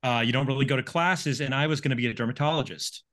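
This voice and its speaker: Male guest, lively storyteller, conversational. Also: mid-range voice, fast. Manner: animated storyteller. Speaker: guest, neurosurgery professor. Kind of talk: storytelling in an interview.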